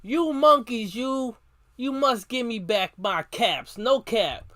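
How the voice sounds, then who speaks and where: A man voicing an angry grown peddler who scolds and shouts his demands while reading a storybook aloud. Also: high-pitched, slow, no room sound, studio quality, pitched above the performer's own voice, heavily acted.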